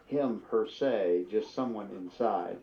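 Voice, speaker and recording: A man's voice: lowish voice, slow pace, dark tone. A man playing a tabletop game, chatting casually with wry, joking remarks. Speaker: tabletop player. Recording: roomy, dull lo-fi stream audio.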